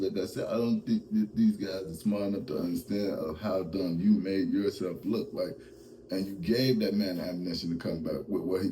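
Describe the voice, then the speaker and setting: Male host, casual comedic commentary, deep mellow voice, rambling and laughing. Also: slight background noise, rough recording. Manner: laughs often, rambling with fillers.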